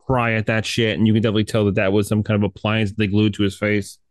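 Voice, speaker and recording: A man's voice: lowish voice, flat delivery, quick pace, no echo. A man chatting casually about a horror film, rambling with lots of fillers and swearing. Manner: rambling, many fillers, profane. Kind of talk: casual movie review chat.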